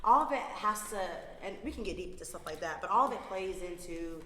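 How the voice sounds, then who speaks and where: A woman's voice: fairly low pitch, lively intonation, brisk, sharp tone, a little hiss or hum. A woman in her twenties from Atlanta, Georgia, talking earnestly as a podcast guest and explaining wellness ideas at length. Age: 20s. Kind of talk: casual podcast chat. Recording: echoey room with long reverb.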